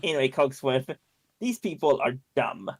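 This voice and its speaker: A man's voice: mid-range voice, expressive, normal speed. Guy doing a smug know-it-all inventor in a tabletop game, bossy and sure of himself. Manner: smug, indignant, self-assured. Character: smug eccentric male inventor.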